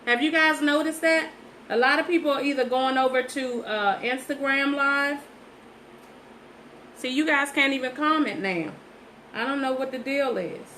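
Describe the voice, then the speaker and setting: Woman host, slightly high voice, chatty livestream from a phone, loops back over her words. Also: moderate pace, bright, forceful tone, a little hiss or hum, rough recording. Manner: chatty, repeats herself, talks straight to viewers. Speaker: livestream host painting sunflowers. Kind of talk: casual live-stream chat while painting.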